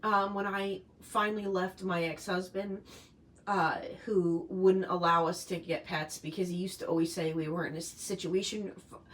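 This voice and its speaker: A woman's voice: on the low side, steady tone, moderate pace, fairly bright tone. A middle-aged woman chatting on a live stream, rambling and emotional, with many fillers and restarts. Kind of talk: casual live-stream chat.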